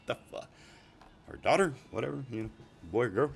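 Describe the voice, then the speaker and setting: A man's voice: medium pitch, lively intonation, moderate pace, creaky, a little hiss or hum. A middle-aged man telling casual, profane stories, rambling and laughing often. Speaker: storyteller. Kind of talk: casual spoken storytelling.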